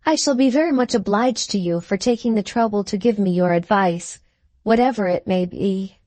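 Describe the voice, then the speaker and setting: A woman's voice: medium pitch, normal speed, warm tone, no room sound, lightly acted. A woman voicing a proud, touchy young woman of twenty-one, poised but a little piqued, in a storybook reading. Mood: poised anxious.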